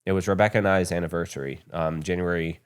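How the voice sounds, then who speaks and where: Very deep-voiced man telling a story. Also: steady tone, quick pace, smooth. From United States. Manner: candid, profane, rambling with fillers. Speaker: podcast guest, business founder. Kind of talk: casual storytelling interview. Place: podcast studio.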